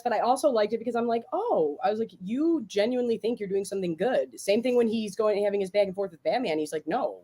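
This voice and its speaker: A woman co-hosting a casual podcast chat, talking in an animated way with many restarts and acted-out quotes. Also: medium pitch, fast talker, few pauses, breathy edge. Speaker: podcast co-host.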